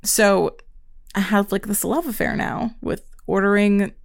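A young woman from Pennsylvania co-hosting a podcast, telling stories in a profane, animated way. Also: measured pace, vocal fry. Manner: profane, animated storyteller, swings pitch high when quoting. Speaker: podcast co-host. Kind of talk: casual chat, storytelling.

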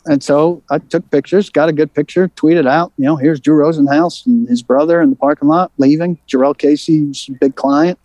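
A male sports reporter recounts a run-in on a sports talk show, his voice sitting a little high yet dark and mellow in tone. He talks fast and animated, stumbling over restarts as he gets worked up. The sound is dry and close, with no room around it. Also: no echo. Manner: animated storytelling, quick and worked up, with many restarts. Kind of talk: casual sports radio talk.

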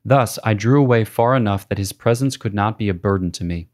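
A priest reading a spiritual classic aloud in a measured, solemn way. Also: male voice, lowish voice, darkish tone.

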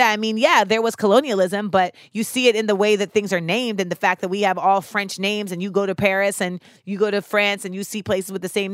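A woman speaks in a thoughtful, earnest podcast monologue, weighing her words and leaning on "you know" as she goes. Her voice sits at an ordinary middle pitch. The recording is dry and close, with no room sound. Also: fairly bright tone, no echo. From United States, of West Indian parents. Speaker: podcast host. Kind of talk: reflective casual monologue.

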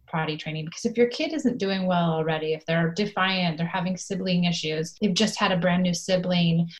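A woman's voice: lowish voice, fairly even intonation, a little fast. Earnest woman giving parenting advice. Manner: earnest, encouraging, acts out playful scenes with kids. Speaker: parenting podcast co-host. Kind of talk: casual advice chat.

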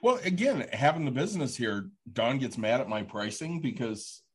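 A man's voice: medium pitch, sing-song, moderate pace, slightly rough. A man who owns a rage room business, talking candidly and matter-of-factly in a casual podcast chat.

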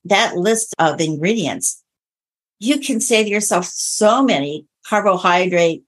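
A middle-aged woman, a nutrition coach, chatting as a guest on a podcast and telling stories with lively quoted dialogue. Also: medium pitch, slow. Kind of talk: casual podcast interview.

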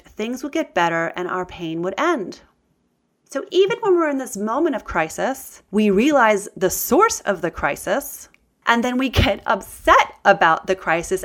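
A woman's voice: a little high, a bit bright. A middle-aged woman speaking candidly to her audience about healing, earnest and confiding, with emphatic outbursts. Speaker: self-help speaker.

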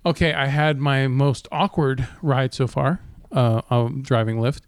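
A man's voice: medium pitch, fairly even intonation, a little slow, no echo. Podcast co-host, man, swears a lot, acts out the voices in his stories, dry close mic. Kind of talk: casual podcast chat.

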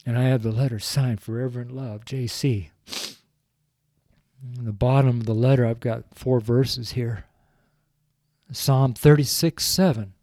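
Older man, tearful preacher, pleading, soft dark tone, dry close sound. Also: mid-range voice, fairly even intonation, unhurried, pauses often, no room sound. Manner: pleading, earnest, repetitive appeals. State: tearful, crying while speaking. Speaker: street preacher and podcast host. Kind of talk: heartfelt preaching on a podcast. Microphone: podcast microphone.

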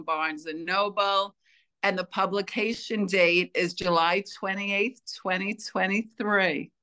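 A woman being interviewed tells her story at a slow, deliberate pace. Her voice is bright and forward, with a mid-range pitch. She comes across as earnest and unhurried. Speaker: interview guest. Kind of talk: telling a personal story in an interview.

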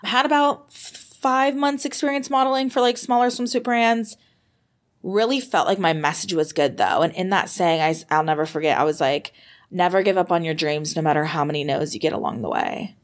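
A young American woman, a podcast guest, telling her story in a lively conversational way, full of "like" and acted-out moments. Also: fairly low pitch, brisk. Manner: animated, reenacts moments with fillers like "like".

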